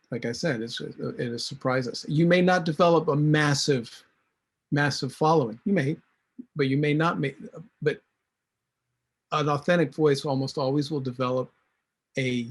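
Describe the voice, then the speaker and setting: Brief: man panelist, gravelly husky voice, earnest and halting. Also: mid-range voice. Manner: earnest, restarts often. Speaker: cartoonist and designer. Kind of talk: panel discussion.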